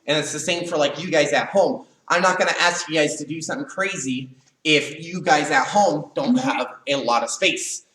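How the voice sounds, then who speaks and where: A man teaching a live online karate leadership class, animated and acting out students' cries. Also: a little high, normal speed. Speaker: karate instructor. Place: karate studio, echoey room. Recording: echoey room, voice far from mic.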